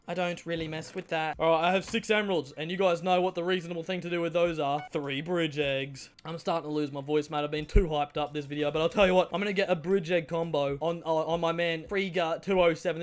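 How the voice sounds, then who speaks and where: A young Australian man giving excitable gameplay commentary, joking with opponents in a cheeky, mock-stern way and often breaking into shouts. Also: a little high. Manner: excitable, bursts into shouts and laughter. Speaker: gaming YouTuber.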